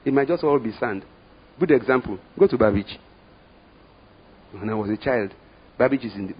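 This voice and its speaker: Husky Nigerian pastor preaching. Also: male voice, mid-range voice. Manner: dramatic swings from hushed to loud, slow emphatic scripture reading. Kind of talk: sermon. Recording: dull lo-fi sermon recording.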